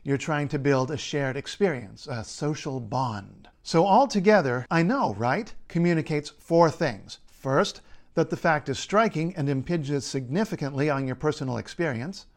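A man, a linguist, reading a scripted explainer in a measured, playful way. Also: fairly high pitch. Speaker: linguist and writer.

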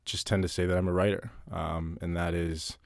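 Deep-voiced man musing in a dry room. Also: level tone, normal speed, gravelly, dry recording. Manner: thoughtful, many restarts and repeated words. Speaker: interviewee, writer. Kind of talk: casual interview talk.

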